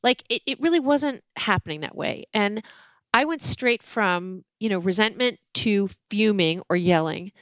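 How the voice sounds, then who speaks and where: A middle-aged woman chatting candidly as a guest, recorded close and dry with no room sound. She tells stories with lively, self-mocking asides in an ordinary mid-range voice. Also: medium pitch, a little slow, no room sound. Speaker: author and podcast guest. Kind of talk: casual interview chat.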